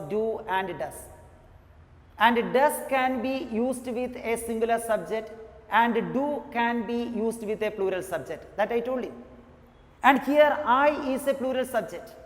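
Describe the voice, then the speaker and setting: Teacher, measured classroom delivery, mid-pitched, long reverb behind. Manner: repeats example sentences slowly, frequent "you know". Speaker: English teacher. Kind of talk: classroom grammar lesson. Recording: long reverb, echoey room.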